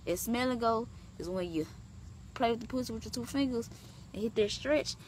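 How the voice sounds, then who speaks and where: A young woman tells a story straight to camera in loose, casual vlog style. She swears freely and talks animatedly, her voice leaping high for emphasis. A faint hum of noise sits behind her. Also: moderate pace. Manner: animated, profane, with big pitch jumps. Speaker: vlogger.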